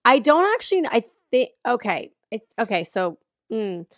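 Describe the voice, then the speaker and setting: A woman with a slightly high voice chats her way through a movie recap, loose and full of fillers. A bit of a frog sits in her throat. The sound is dry and close. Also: big pitch swings, normal speed, no room sound. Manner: chatty, laughs often, lots of "like" and fillers. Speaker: podcast co-host. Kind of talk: casual chat recapping a movie. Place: cold room at home.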